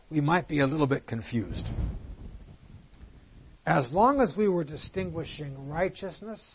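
A man teaching through a Bible passage in a conversational way, asking rhetorical questions and reading scripture slowly and deliberately. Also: fairly high pitch, muffled recording, a little hiss or hum.

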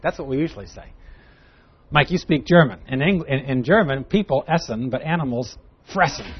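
A man teaching through a Bible passage to a class, lively and emphatic, reading verses aloud. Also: medium pitch, a little fast, husky. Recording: dull lo-fi recording.

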